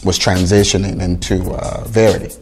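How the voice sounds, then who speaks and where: A middle-aged man, a music producer, speaks in a low voice at a moderate pace as he recounts his story in conversation. He brings quoted dialogue to life by acting out each person's voice.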